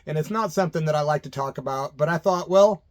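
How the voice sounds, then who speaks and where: Middle-aged man, slightly high voice, casual storyteller, laughs a lot, imitates people in quotes. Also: quick pace. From Illinois, USA. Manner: laid-back, laughs often, acts out voices in quotes. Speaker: vlogger telling a personal story.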